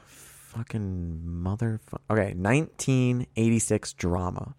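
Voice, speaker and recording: A man co-hosting a podcast, running a movie quiz and teasing his friend with profane banter, reading clues out slowly. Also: on the low side, darkish tone, no room sound. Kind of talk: casual banter.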